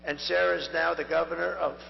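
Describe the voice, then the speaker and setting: A man's voice: a little high, little pitch movement, brisk, gravelly. A man in his seventies giving a rambling, repetitive campaign rally speech, his voice strained and tiring. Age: 70s. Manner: rambling, repetitive, boastful asides. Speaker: political candidate. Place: large rally venue. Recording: dull echoing hall feed with hum.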